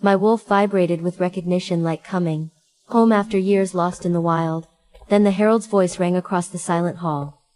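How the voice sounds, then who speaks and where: Low, mellow woman narrating a first-person story, steady. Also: moderate pace, poor audio.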